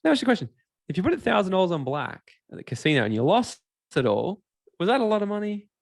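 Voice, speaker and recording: This high-pitched man talks fast with vocal fry while giving an animated motivational seminar, acting out characters and firing questions at the audience. The recording is dry and studio clean.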